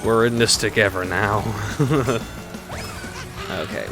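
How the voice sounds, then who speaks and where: A man streams a racing game live and talks through it in a loose, rambling way, breaking into laughter now and then. His voice sits a bit low. Loud game music plays under his commentary. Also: slow pace. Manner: chatty, rambling, laughs often.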